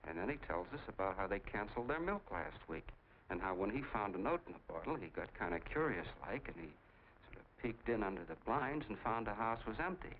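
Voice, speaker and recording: An actor playing a friendly small-town soda jerk who rambles on in a folksy, chatty way, on a tinny 1940s film soundtrack with faint hiss. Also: male voice, on the low side, very animated, brisk. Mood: eager.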